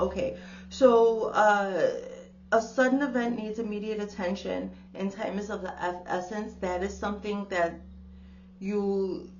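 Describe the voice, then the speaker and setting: A woman's voice: medium pitch, gravelly, muffled recording, background noise. A woman giving a casual spiritual tarot reading to the camera. She talks in a chatty, exclaiming way and calls the listener darling. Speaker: tarot reader.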